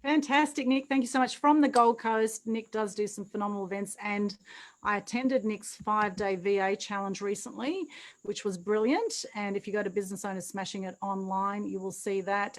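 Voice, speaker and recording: A woman's voice: mid-range voice, steady tone, brisk, rough recording. A woman hosting an online meetup over a video call, upbeat and effusive, full of praise for each guest. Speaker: meetup host.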